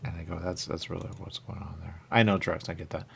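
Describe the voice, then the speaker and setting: A man's voice: deep voice, fairly even intonation, fast talker, vocal fry, fairly bright tone, a little hiss or hum. A man hosting a radio talk show, rambling casually and thinking aloud with lots of questions.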